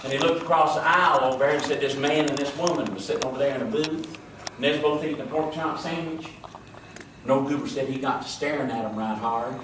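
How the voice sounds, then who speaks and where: A man playing an excitable, boastful small-town deputy with a Southern accent, rambling and fumbling for words in a live stage comedy monologue. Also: medium pitch, fast talker, noisy background, natural voice. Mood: folksy. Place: stage before an audience. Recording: echoey hall, from far off.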